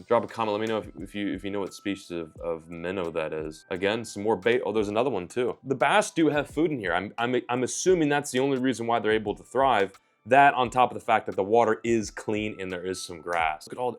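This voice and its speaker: A man filming a casual fishing vlog outdoors by his backyard pond, talking to viewers and exclaiming when something surprises him. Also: lowish voice. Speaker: fishing vlogger.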